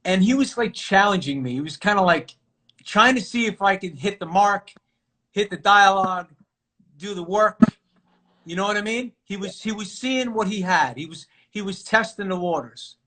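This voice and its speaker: A middle-aged man from New York, an actor guest telling stories casually on a live video call, animated and full of fillers and restarts. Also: sits high, moderate pace. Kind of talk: casual storytelling interview.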